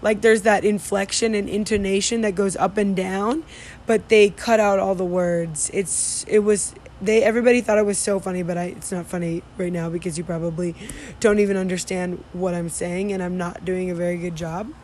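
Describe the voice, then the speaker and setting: A woman's voice: medium pitch, fairly even intonation, moderate pace, darkish tone, a little hiss or hum. A young woman casually telling a story, rambling with many fillers and restarts. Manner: rambling, many fillers and restarts, mimics Spanish street calls. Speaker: vlogger recounting study abroad.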